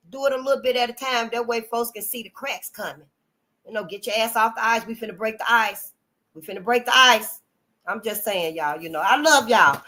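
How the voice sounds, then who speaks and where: Frank, bright-voiced woman host. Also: a little high. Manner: frank, earthy and emphatic, calls listeners honey and y'all. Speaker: channel host. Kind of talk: casual monologue to viewers.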